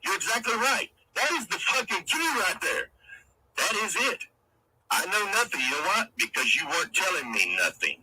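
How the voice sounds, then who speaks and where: A man's voice: high-pitched, big pitch swings, normal speed, pushed and bright, slight background noise, rough recording. A man hosting a livestream, delivering a profane, confrontational rant and taunting his critics. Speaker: livestream host.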